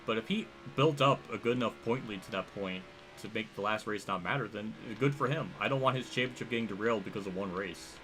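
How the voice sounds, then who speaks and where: A young man livestreaming a racing game, rambling and thinking aloud as he reacts loudly to the action on track. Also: lowish voice, fast, soft background music. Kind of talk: live gameplay commentary.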